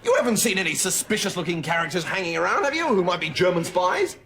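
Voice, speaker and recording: Jolly dim young lieutenant, gushing, high bouncy voice, hissy TV audio. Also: male voice, lively intonation, quick pace. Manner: jolly, gushing, silly exclamations. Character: cheerful dim-witted young male army lieutenant. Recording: TV clip audio with noise.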